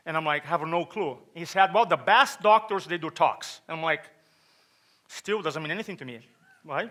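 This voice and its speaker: A man's voice: on the high side, sharp tone. A middle-aged man from Brazil with a Brazilian Portuguese accent, giving a motivational stage talk and telling a personal story, acting out quotes and asking the audience questions. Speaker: speaker at a chiropractic event.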